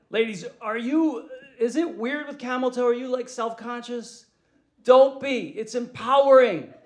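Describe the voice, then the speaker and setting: A man in his thirties doing a stand-up set, self-deprecating and chuckling through his jokes. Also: very high-pitched. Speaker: stand-up comedian.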